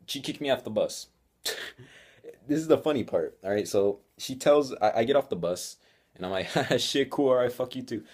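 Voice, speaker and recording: Teen vlogger guy, very low voice, rambly and swearing, telling a story. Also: darkish tone. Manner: rambling, profane, laughing. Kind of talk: casual storytelling vlog.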